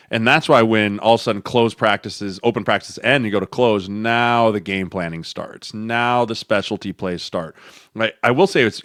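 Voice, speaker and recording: A man co-hosting a football podcast, telling locker-room stories with lively acted-out voices and a habit of saying "right?". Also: lowish voice, dry recording, clean studio sound. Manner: animated storytelling, acts out coaches and players in quick voices, says "right?" a lot. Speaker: podcast co-host, former NFL lineman. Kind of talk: casual sports podcast chat.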